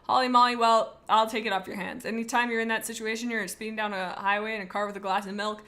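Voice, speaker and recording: A woman's voice: mid-range voice, flat delivery, fast talker, pushed and bright. A young woman streaming live, chatting and rambling in a bubbly way as she reacts to her chat.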